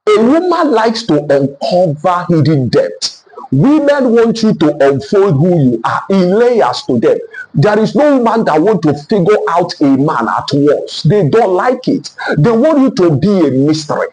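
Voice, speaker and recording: Lively high-voiced man lecturing. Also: a little slow, low-quality recording. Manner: emphatic and repetitive, lecturing the listener directly. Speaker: relationship advice speaker. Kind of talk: motivational relationship talk.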